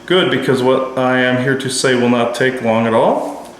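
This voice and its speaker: A man's voice: mid-range voice, normal speed, slight background noise, lightly acted. A man voicing a courteous male alien envoy who speaks with formal, old-fashioned politeness and little giggles, in a very echoey room. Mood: courtly.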